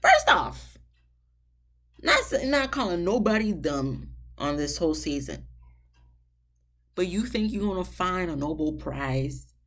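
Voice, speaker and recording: A woman recapping a reality show episode in a casual, sassy, exasperated way, jumping up high for emphasis. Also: expressive, a little slow.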